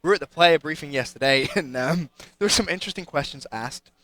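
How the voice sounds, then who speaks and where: A man with a British accent who casts esports fast and builds hype with every line. His voice is a touch high, bright and forceful. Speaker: esports caster. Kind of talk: live esports commentary.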